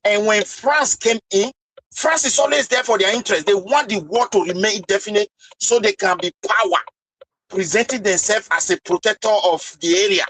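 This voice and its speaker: High-voiced man arguing passionately. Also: moderate pace, a bit bright, no echo, poor audio. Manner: passionate, argumentative, rhetorical questions. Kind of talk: casual discussion.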